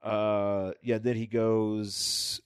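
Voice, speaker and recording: A man's voice: on the low side, flat delivery, drawn-out words, clean tone. A man co-hosting a casual comedy podcast, joking sarcastically about a book and often trailing off and restarting. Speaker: podcast co-host.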